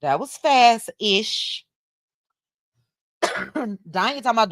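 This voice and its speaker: A woman's voice: medium pitch, sing-song, takes it slowly, long pauses, no room sound. Middle-aged lady hosting a late night chat stream, laughs a lot, teases the chat, dry close sound. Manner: laughing, teasing, talks straight to her chat. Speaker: livestream host reading chat.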